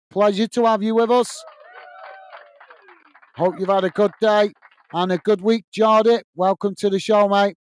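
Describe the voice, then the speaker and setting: Hosting a live football watch-along, this British man speaks in a high, steady voice at a measured pace with long pauses. He's upbeat, calling the action and happily reading viewer messages, and the sound is smooth with no echo.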